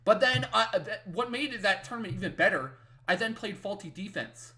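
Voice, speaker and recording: A man with a somewhat high voice shares a competitive gaming memory on a casual podcast. He pads his talk with fillers and keeps checking in with his listener. His energy rises into loud, excited bursts as the story peaks. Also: normal speed. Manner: animated, builds to excited yelling when retelling wins; talks in fillers and repeated tag questions. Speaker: podcast co-host.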